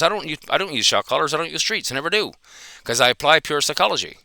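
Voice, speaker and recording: A man's voice: on the high side, animated, fast talker, creaky, pushed and bright, no room sound, studio quality. A man giving an angry, profane reaction commentary, confronting another dog trainer.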